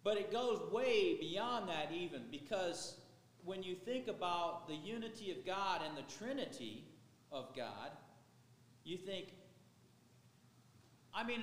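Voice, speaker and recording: A man's voice: high-pitched, fairly bright tone, a little hiss or hum. A man, a pastor, preaching a sermon in a conversational, rambling way. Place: church sanctuary. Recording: echoey hall with faint ambience.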